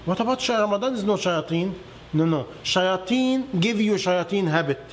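A man with a high voice delivers a sermon in non-native, simplified English. He swings dramatically between raised, high emphasis and low, heavy lines. A faint hiss of background noise runs under the recording. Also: lively intonation, normal speed. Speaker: religious teacher.

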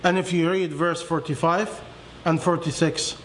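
A man with a high voice delivers a sermon in non-native, simplified English. He swings dramatically between raised, high emphasis and low, heavy lines. A faint hiss of background noise runs under the recording. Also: fairly even intonation, a little slow, a bit bright. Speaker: religious teacher.

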